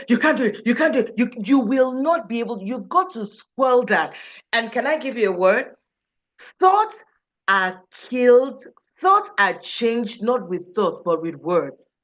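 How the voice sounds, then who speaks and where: A woman's voice: on the high side, a bit bright. A woman giving an emphatic motivational talk on speaking, often putting questions to her audience. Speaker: speaking coach. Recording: dull, slightly lo-fi recording.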